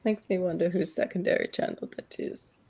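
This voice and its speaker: A woman co-hosting a casual livestream chat, talkative and quick to laugh. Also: lowish voice, steady tone, vocal fry, warm tone, husky.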